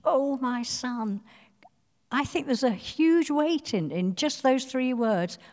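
A woman giving a devotional sermon, speaking earnestly and pleading softly as she dwells on scripture. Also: high-pitched, lively intonation, slow pace, long reverb tail. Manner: earnest, pleading, soft when quoting scripture. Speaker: preacher.

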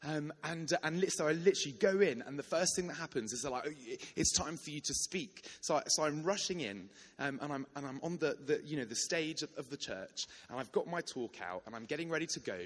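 Man, twenties, sermon storytelling, animated, restarts, reverberant hall. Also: fairly high pitch, fast talker, hardly any pauses. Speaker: preacher.

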